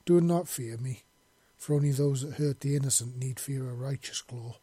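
A man voicing a huge male deathclaw creature who speaks slowly and formally, coldly furious at villains yet gentle with the freed captives. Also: medium pitch, husky, no echo, lightly acted. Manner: slow, solemn, formal speech.

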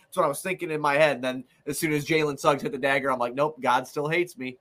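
A man's voice: on the high side, fairly even intonation, fast talker, few pauses, fairly bright tone. A man hosting a casual sports chat, venting profanely about his team with self-deprecating jokes. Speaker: sports podcast host.

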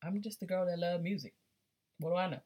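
A woman with a low, husky voice talking through her favourite songs on her podcast. She is chatty and loose, slipping from one accent to another as she goes. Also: quick pace, darkish tone. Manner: chatty, drifts between accents. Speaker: podcast host. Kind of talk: casual music chat.

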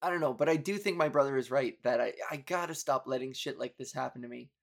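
A man's voice: medium pitch, quick pace, creaky. A young man hosting a podcast, rambling through a story in a profane, self-mocking way with bursts of exasperation. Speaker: podcast host. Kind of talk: casual podcast monologue.

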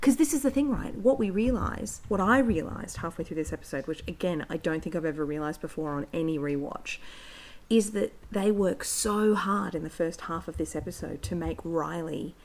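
A woman co-hosting a casual rewatch podcast, animated and swearing freely as she reads synopses aloud. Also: on the low side, moderate pace. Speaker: podcast co-host. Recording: faint background noise.

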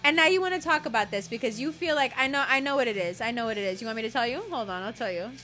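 A woman plays an enraged lover leaving a voice note, cursing at every turn and dripping with sarcasm. The voice is bright and forceful, and sits a little high. Soft music plays behind her. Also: racing. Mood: furious. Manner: profane, cutting, sarcastic. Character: furious woman ranting at a cheating lover. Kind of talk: acted voice-note rant.

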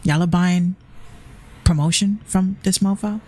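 A woman's voice: fairly low pitch, fairly even intonation, measured pace, noisy background. A woman with a Bronx accent hosting her show, ranting with heated, profane, confrontational energy. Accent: Bronx New York. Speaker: show host. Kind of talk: ranting commentary vlog.

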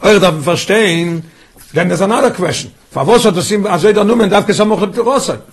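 A man's voice: sits high, quick pace, husky. A man teaching a Torah study class, often asking the students questions and restarting his phrases.

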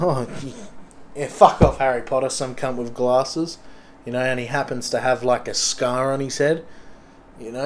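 Young Aussie guy, thick accent, mid pitch, rambling sweary vlog monologue. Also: a little mellow. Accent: Australian. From Australia. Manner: sweary, rambling, blokey slang.

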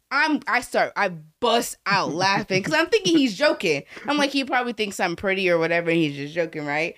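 A woman's voice: lowish voice, sing-song, moderate pace, fairly bright tone. A young woman telling stories from her school job on a podcast, swearing freely and acting out the kids' voices. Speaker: podcast co-host, school staff. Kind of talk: casual storytelling chat.

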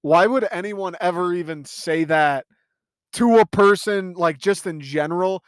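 A man's voice: sits high, clean tone, dry recording. Incredulous profane young man ranting. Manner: profane, incredulous, rambling, laughs often. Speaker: podcast host. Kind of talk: casual solo podcast rant.

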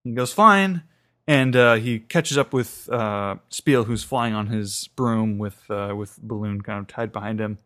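A man's voice: lowish voice, measured pace, pushed and bright. Chatty man recapping an episode. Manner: rambling retelling with many fillers and restarts. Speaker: podcast co-host. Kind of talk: casual recap chat.

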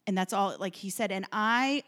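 A woman's voice: mid-range voice, normal speed. Emotional woman telling a story. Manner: emotional, animated storyteller with many fillers. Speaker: podcast co-host. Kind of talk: casual storytelling chat. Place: home kitchen table.

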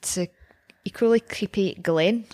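A woman's voice: mid-range voice, measured pace, a little mellow. A woman co-hosting a casual podcast, recapping episodes in a chatty, wry way with frequent laughs. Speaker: podcast co-host.

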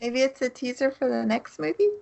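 A woman's voice: high voice, fairly quick, gravelly, darkish tone. A woman co-hosting a podcast in casual chat, chiming in briefly with amused remarks and laughter. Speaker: podcast co-host.

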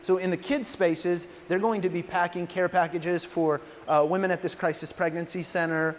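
A man in his thirties preaching as a pastor, telling a story in a lively, self-deprecating way. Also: high voice, normal speed, slight background noise. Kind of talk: sermon with storytelling. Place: large church hall. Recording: reverberant hall, faint ambience.

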